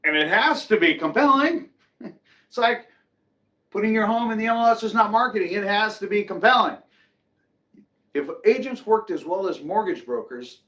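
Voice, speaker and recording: A man's voice: high-pitched, moderate pace, long pauses. A middle-aged man hosting a casual real estate market update, chatty and opinionated, often acting out what people say. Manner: animated, chatty, opinionated, acts out quotes. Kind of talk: casual market commentary to camera.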